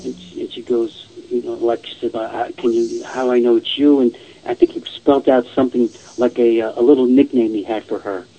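Husky man telling a rambling story. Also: mid-range voice, little pitch movement, fairly quick, warm tone, muffled recording. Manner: rambling, repeats "I says" and "she goes". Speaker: guest telling a ghost story. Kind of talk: casual storytelling.

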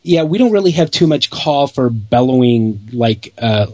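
Radio cohost guy from illinois, rambles and stumbles, mid pitch voice. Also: expressive, normal speed, a little mellow, dry recording. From Illinois, near Chicago. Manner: rambling, stumbling restarts, joking. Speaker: radio co-host. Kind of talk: casual radio talk.

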